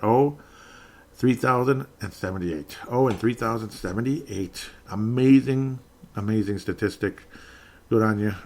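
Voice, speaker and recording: A man's voice: fairly low pitch, gravelly, a little mellow. Exasperated man ranting about basketball. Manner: exasperated ranting, sarcastic, laughs at himself. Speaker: sports podcast host. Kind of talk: solo sports commentary podcast.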